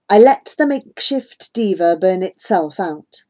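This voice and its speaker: A woman giving gentle, measured first-person narration of a storybook. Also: mid-range voice, lively intonation. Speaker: audiobook narrator.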